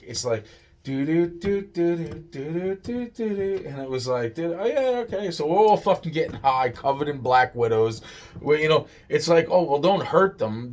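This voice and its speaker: A man telling a long personal story in a rambling, casual way, swearing often and restarting his sentences. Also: mid-range voice. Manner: profane, rambling, full of restarts and "it's like".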